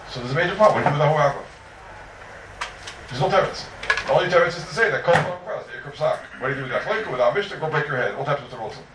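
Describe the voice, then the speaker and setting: A man giving a Talmud lecture in a lively, sing-song teaching manner, full of rhetorical questions. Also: on the high side, racing. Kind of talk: yeshiva-style Talmud lecture. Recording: echoey room heard from far off, faint noise.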